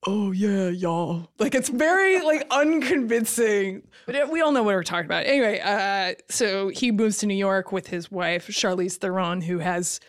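A woman hosting a film podcast, retelling a movie plot in a lively, wry way with many fillers. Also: mid-range voice, moderate pace, hardly any pauses. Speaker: podcast host. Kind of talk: casual discussion.

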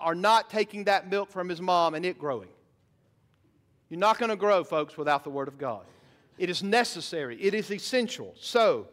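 A man's voice: high voice, a bit bright. A man preaching a sermon in church, emphatic, asking the congregation rhetorical questions. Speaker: pastor. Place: church sanctuary.

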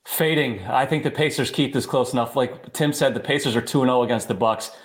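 A man on a sports betting panel, giving quick, punchy, decisive picks. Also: medium pitch. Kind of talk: casual panel chat.

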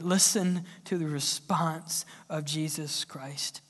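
Preaching man in a reverberant hall. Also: high-pitched. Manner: dramatic swings from loud cries to hushed whispers. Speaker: pastor. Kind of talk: sermon. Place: large church hall. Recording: long church-hall reverb.

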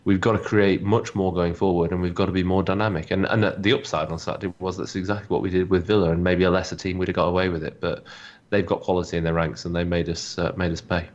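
A man with a low voice talks football on a podcast. He rattles along quickly, rambling and wry, piling up asides as he goes. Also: little pitch movement, lo-fi sound. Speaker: podcast co-host. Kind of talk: casual football podcast chat.

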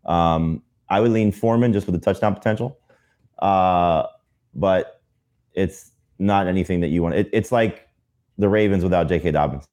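A man's voice: deep voice, normal speed, darkish tone. A man giving fantasy football analysis in casual chat, hedging and talking things through.

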